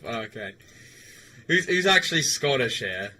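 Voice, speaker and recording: A man's voice: medium pitch, animated, fairly quick, bright, forceful tone, slight background noise. A young man streaming a game, chatting casually with viewers and rambling, stammering and swearing. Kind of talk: casual livestream chat while gaming.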